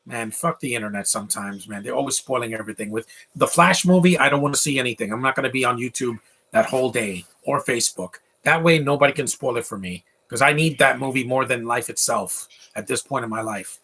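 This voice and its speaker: Rambling opinionated man with a husky tone. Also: medium pitch, fast, bright, forceful tone. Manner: opinionated, rambling, with fillers and asides. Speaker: film commentator. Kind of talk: casual live movie commentary.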